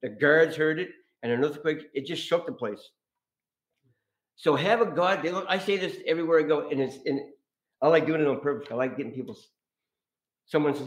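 A man's voice: on the high side, moderate pace, pauses often. A man preaching an informal sermon, telling stories with frequent laughter. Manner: animated, laughs often, storytelling. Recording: echoey room.

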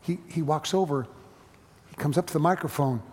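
A middle-aged man preaching a sermon as pastor, swelling loud and then dropping quiet. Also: on the high side, moderate pace. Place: church sanctuary. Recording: long reverb of a church sanctuary.

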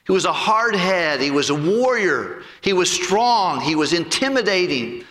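A man preaching a sermon, retelling a story in an animated way and often repeating words as he goes. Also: sits high, unhurried, in a large hall.

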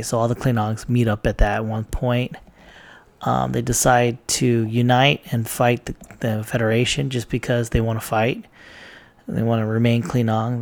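A man's voice: medium pitch, gravelly, a little mellow. A man casually recapping TV episodes, rambling and swearing with plenty of ums and uhs. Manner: rambling, profane, lots of fillers. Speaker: TV recap vlogger.

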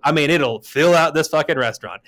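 A man from Arizona co-hosting a podcast, telling a story in casual chat with a profane, heated delivery that jumps to shouting. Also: a little high, brisk. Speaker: podcast co-host.

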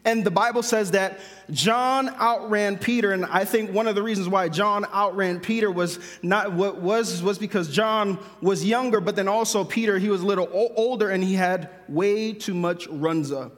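Guy preaching, pretty high voice, chatty and joking, long hall echo. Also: normal speed, hardly any pauses, a bit bright. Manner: conversational, self-correcting, with humorous asides. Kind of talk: sermon.

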